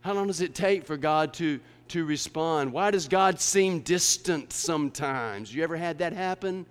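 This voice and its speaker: A man's voice: a little high, normal speed, clean tone. Man preaching in an echoing hall. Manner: dramatic, swings from hushed to emphatic. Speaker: pastor. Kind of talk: sermon. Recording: long hall reverb.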